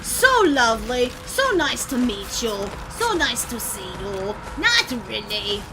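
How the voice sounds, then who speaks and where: A woman streaming a game, chatting along, muttering to herself and breaking into sudden yells. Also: fairly high pitch, sing-song, slow, loud music behind the voice. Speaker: vtuber streamer. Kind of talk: gameplay commentary.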